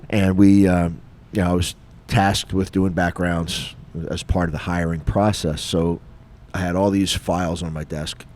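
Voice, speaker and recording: A middle-aged retired police officer co-hosting a podcast, telling a story in a lively, casual way and acting out the dialogue. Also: male voice, low-pitched, a little slow, hardly any pauses, a little hiss or hum. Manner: animated, acts out dialogue, frequent fillers.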